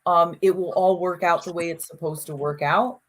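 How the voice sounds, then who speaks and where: A woman's voice: lowish voice, normal speed. A woman co-hosting a casual conversation podcast, telling stories with lots of restarts and acted-out quotes. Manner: animated storyteller, frequent restarts and acted-out quotes. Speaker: podcast co-host.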